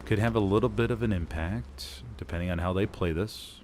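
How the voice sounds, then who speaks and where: A man's voice: fairly low pitch, a little fast. A man casting a live competitive shooter match, giving chatty, self-deprecating play-by-play. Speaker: esports caster. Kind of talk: live game commentary. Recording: game noise behind the voice. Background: gunfire, artillery and vehicles from the game.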